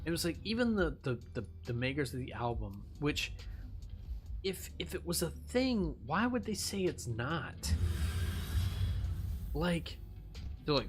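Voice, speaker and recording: A man's voice: on the high side, measured pace, over music. A man streaming and ranting casually, swearing and laughing often as he talks. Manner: profane, animated, laughing often. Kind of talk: casual rant while gaming.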